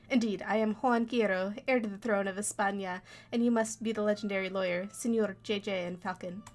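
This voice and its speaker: A woman's voice: mid-range voice, fairly even intonation, a little fast, darkish tone, close to an everyday voice. A woman voicing a proud, flamboyant male fox prince in a game, speaking grandly and formally. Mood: grandiose.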